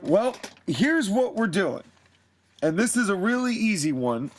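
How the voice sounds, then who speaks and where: High-voiced man narrating a wrestling story. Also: very animated, measured pace. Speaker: podcast host. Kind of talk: fantasy booking narration and chat.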